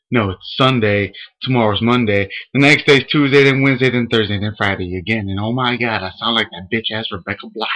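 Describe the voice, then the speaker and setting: A man's voice: fairly low pitch, quick pace, bright, forceful tone, rough recording. A young man in a casual, rambling and profane webcam rant from a room at home. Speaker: vlogger. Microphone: webcam microphone.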